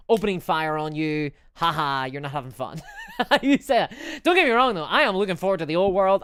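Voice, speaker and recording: A woman's voice: on the low side, smooth, no echo. A woman chatting casually on a live stream, reading out and answering chat messages, rambling and stumbling over her words.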